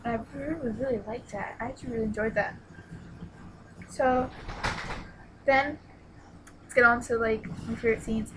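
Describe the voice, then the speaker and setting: A young woman excitedly retelling a book's plot in a casual review vlog, with lots of "like" and sudden squealed exclamations. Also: on the high side, normal speed, long pauses, background noise. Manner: excitable and gushing, exclaims "What? What?"; retells the plot with many "like"s and restarts. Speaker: book reviewer.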